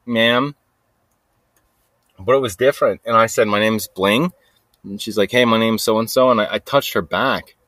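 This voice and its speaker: A man hosting a podcast, telling a story in a rambling, restless way that swings from low mutters to sudden loud bursts. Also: fairly quick, no room sound. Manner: rambling, restless, talks to himself with lots of "like" and "freaking". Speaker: podcast host. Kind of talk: casual storytelling monologue.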